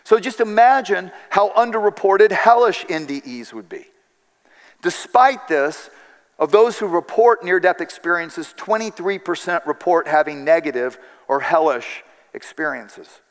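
A man preaching a sermon with a high, light voice and earnest storytelling, acting out the lines he quotes. His voice rings with a long reverb through a large church hall. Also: expressive, a little slow.

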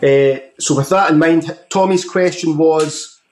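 Joking male talk-show host, higher voice. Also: unhurried. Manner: relaxed, jokey, telling stories. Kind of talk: casual interview questions. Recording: roomy echo.

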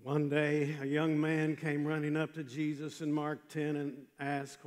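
An older man preaching a chapel sermon, telling a story with emphatic swings from loud passages to hushed ones. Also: on the high side, monotone, a little slow, few pauses. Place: large chapel. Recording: long hall reverb.

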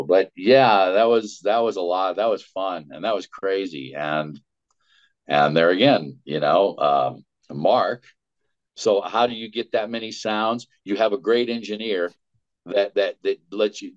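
A man, a voice actor, telling lively stories in an interview and acting out the dialogue he quotes. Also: deep voice. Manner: animated storyteller, acts out quoted dialogue. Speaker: voice actor guest. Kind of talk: storytelling interview. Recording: dull lo-fi audio.

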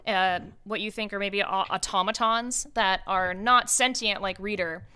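A woman's voice: medium pitch, steady tone, normal speed, pushed and bright, smooth. A woman running a tabletop role-playing game, narrating scenes in a loose, descriptive way with many fillers. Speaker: game master.

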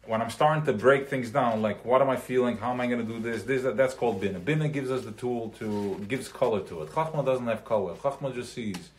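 A man's voice: mid-range voice, fairly quick, few pauses, slight background noise. A man teaching a class to a small group, talking loosely and conversationally. He drops Yiddish terms into his sentences and keeps checking that his listeners follow. He acts out everyday scenes in voices of his own. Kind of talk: live recorded Chassidic class.

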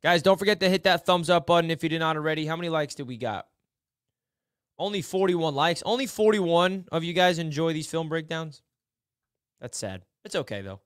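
A man hosting a casual football film breakdown, excitable, dropping to low mutters and then shouting in frustration or delight. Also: fairly quick, smooth, no room sound, studio quality. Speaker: sports film breakdown host.

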